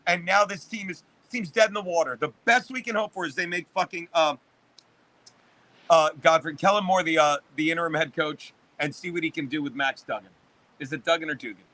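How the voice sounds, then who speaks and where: Fifties male livestream host, high-pitched and punchy, rambling and cursing through casual chat. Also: fairly quick, bright, forceful tone. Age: 50s. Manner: profane, rambling sports rant.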